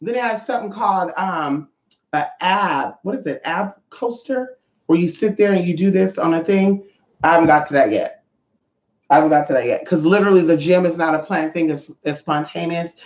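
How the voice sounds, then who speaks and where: A man in his thirties chatting casually on a livestream, sassy and expressive. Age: 30s. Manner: sassy, expressive, swings pitch a lot. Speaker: livestream host. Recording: roomy dull lo-fi sound.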